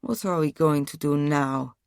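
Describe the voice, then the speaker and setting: A woman reading as a slow, cold, distrustful man. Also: low-pitched, gravelly, a little mellow, clean tone, no room sound, studio quality. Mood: flat. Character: emphatic, distrustful wealthy man.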